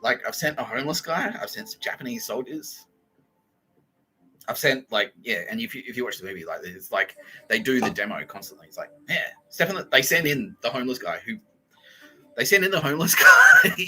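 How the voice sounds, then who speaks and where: Brief: male podcast host, bright, animated comic storyteller. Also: medium pitch, fairly quick, husky, rough recording. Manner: animated, swearing, laughing often. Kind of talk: casual comedic storytelling.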